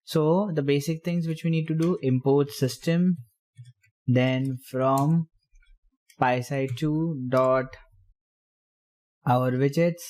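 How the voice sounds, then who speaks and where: A man explaining programming step by step while typing, in halting phrases. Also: a little high, steady tone, darkish tone. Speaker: programming tutor. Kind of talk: screen-recorded coding tutorial.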